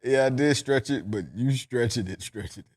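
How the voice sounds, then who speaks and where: A man's voice: medium pitch, normal speed, a little mellow. A man co-hosting a casual podcast chat, laid-back and laughing often.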